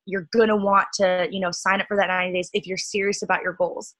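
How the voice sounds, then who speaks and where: A young woman leading a sales team call, chatty and upbeat with lots of fillers, her voice cracking and a bit hoarse. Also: medium pitch, level tone, quick pace, fairly bright tone, no room sound, poor audio.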